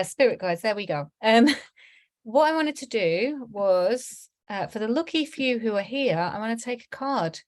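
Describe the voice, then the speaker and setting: A middle-aged woman teaching a small online group in a casual, rambling way, with lots of ums and little laughs. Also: mid-range voice. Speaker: tarot teacher.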